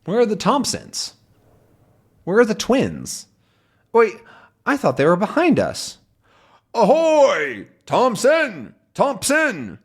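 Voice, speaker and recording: A man teaching English by explaining a comic in slow, simple words, adding sound effects as he goes. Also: sits high, huge pitch swings, breathy edge.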